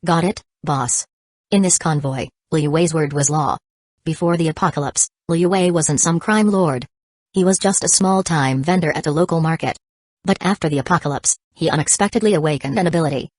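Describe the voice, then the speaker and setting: Woman, audiobook narration, low voice, even delivery, dry sound. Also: dry recording. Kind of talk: scripted narration.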